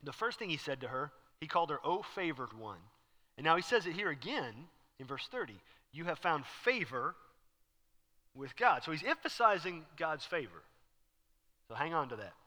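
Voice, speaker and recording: Bright-voiced preacher in a reverberant hall. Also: male voice, on the high side, very animated, moderate pace. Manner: conversational, acts out scenes with sudden loud bursts. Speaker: pastor. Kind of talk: sermon.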